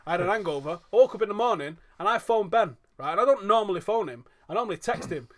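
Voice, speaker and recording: A man's voice: sits high, expressive, fast. A man, chipping in and teasing during casual podcast chat, swearing freely.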